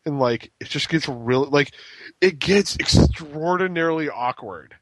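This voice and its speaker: A wrestling podcast co-host chats casually, recapping with jokes and goofy mock-breathy quotes. His voice sits on the high side and he talks a little slowly, with no room sound in the recording.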